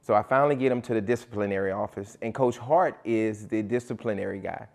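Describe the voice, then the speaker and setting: A man's voice: on the low side, fast, gravelly. A man who works as a school coach, retelling an incident in an interview and acting out the quotes. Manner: animated retelling, acts out quotes. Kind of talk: interview storytelling.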